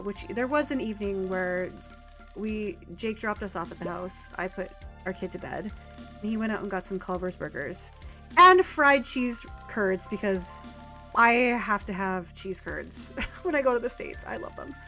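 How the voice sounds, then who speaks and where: A woman talks at an easy, mid-range pitch while streaming a farming game. Her casual chat wanders from one thought to the next, full of fillers and small asides. Faint game music plays quietly underneath. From Canada. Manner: rambling and chatty, with filler words and quick laughs.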